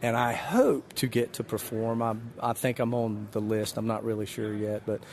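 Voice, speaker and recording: A man's voice: fairly low pitch, fairly even intonation, moderate pace, a little mellow, a little hiss or hum. A man with a Southern US drawl talks through an interview. He rambles from one folksy story to the next and plays himself down. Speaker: magician guest. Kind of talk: casual interview chat.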